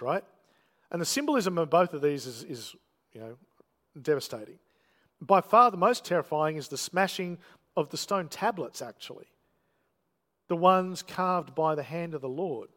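A man's voice: fairly high pitch, long reverb tail. A man preaching a sermon, telling the story with emphatic, dramatic delivery and quoted lines.

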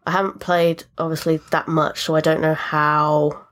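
A woman with a notably low voice talks through her recent games in a loose, rambling podcast chat. She wanders through asides and fillers. She sounds like a regular host settled into easy conversation. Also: flat delivery, normal speed, fairly bright tone. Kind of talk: casual chat about video games.

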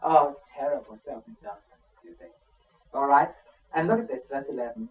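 A man of medium pitch preaches a sermon a little fast, emphatic yet conversational, often turning aside to address his listeners. The sound is dull, picked up by a distant mic.

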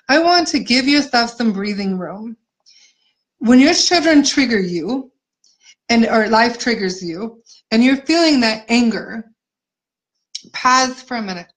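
A woman's voice: a little high, poor audio. A woman giving a conversational Christian teaching, earnest and encouraging as she shares personal stories. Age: adult mother of four. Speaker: Christian ministry speaker.

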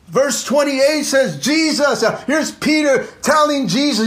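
A pastor delivering an impassioned sermon in a strikingly high voice for a man. He punctuates every thought with "amen" and "come on." He rises to loud bursts and then sinks into hushed, low asides. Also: expressive, measured pace, hardly any pauses. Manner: fervent preaching, peppered with "amen" and "come on"; swings between loud exclamations and low, quiet asides.

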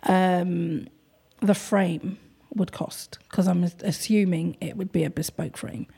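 Gravelly, husky woman gallery owner. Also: lowish voice, fairly even intonation, takes it slowly, dark tone. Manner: thoughtful, hesitant with many ums. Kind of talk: casual conversation.

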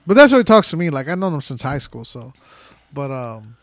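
A man's voice: a little high, big pitch swings, a little fast, dry recording. A man co-hosting a casual podcast, telling loose, laughing stories with lots of swearing. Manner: loose storytelling, heavy swearing, frequent laughs. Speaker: podcast co-host.

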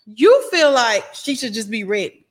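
A woman's voice: a little high, very animated, moderate pace. A woman in a casual chat, cutting in to disagree.

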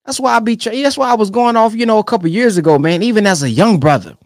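A young man giving emphatic, animated commentary on a sermon clip he is reacting to. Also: high voice, quick pace, no echo, studio quality. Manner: animated and emphatic, keeps urging "come on, man". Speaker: online commentator.

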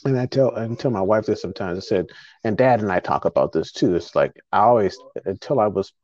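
A man's voice: on the low side, fairly quick, a little mellow, no room sound. A middle-aged man hosting a podcast, talking in a rambling, emotional way with frequent restarts. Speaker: podcast host. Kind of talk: casual conversation. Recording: dull lo-fi podcast audio.

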